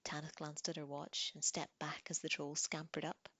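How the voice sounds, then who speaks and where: A woman narrating a book chapter aloud in a calm, measured way. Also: low-pitched, no echo. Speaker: audiobook reader. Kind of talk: audiobook narration.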